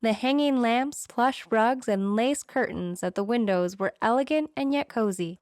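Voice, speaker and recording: A woman reading a romance novel aloud in steady, expressive storybook narration. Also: a little high, moderate pace, no room sound, clean studio sound. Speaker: audiobook narrator.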